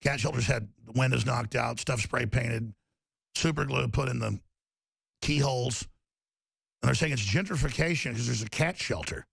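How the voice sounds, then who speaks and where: A man hosting a political talk show, ranting in a fast, angry way. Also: mid-range voice, creaky, a bit bright, breathy edge, dry recording.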